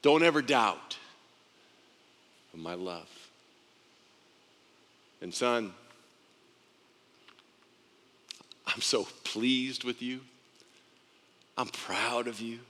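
A man voicing God the Father as a tender, loving parent speaking softly to his son. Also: fairly high pitch, moderate pace, lightly acted. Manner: soft, intimate, reassuring. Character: tender loving heavenly father, deep and gentle. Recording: long reverb of a large hall.

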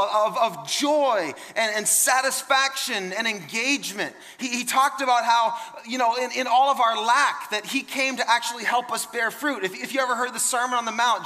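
A man's voice: extremely high pitch, bright, forceful tone, in a large hall. A man preaching a sermon in an emphatic, conversational way, often repeating words and restarting phrases. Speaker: pastor.

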